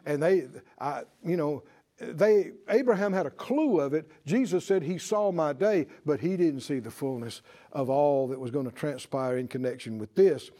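A man's slightly high voice carries his sermon at a moderate pace. He preaches emphatically and with animation, stretching key phrases and rising to exclamations.

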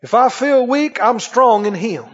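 A man's voice: very high-pitched, animated, a little slow, a bit bright. A man preaching a sermon, chuckling often and asking the congregation questions. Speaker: pastor. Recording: dull, lo-fi sound in a reverberant hall.

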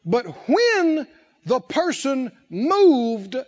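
A man preaching a sermon, drawing the congregation in with questions and emphatic, drawn-out phrases. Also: very high voice, sing-song, muffled recording. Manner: call-and-response preaching, rising and falling emphasis, drawn-out phrases.

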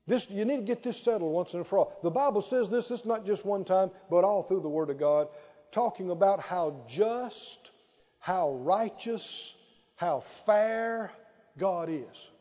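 A man's voice: sits high, warm tone. A male pastor preaching a sermon, stretching out key phrases and leading the congregation in repeating lines back. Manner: emphatic, drawn-out phrases with call-and-response. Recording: dull, lo-fi sound with long hall reverb.

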